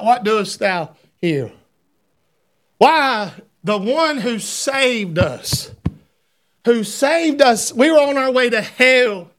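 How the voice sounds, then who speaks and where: Male preacher with a very high, bright voice; conversational, then fervent and shouting. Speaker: pastor. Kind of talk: sermon. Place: church sanctuary.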